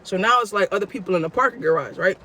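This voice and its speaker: A man's voice: high voice, racing, bright, forceful tone, a little hiss or hum. A man telling a casual story-time tale for his vlog in a slangy way, full of "you know what I'm saying.". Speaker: vlogger.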